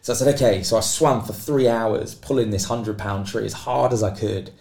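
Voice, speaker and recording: A man's voice: fairly low pitch, normal speed, vocal fry. A man, a podcast guest telling a long story and acting out the voices of the people in it. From Britain. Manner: animated, acts out quoted voices. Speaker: guest athlete. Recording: roomy echo.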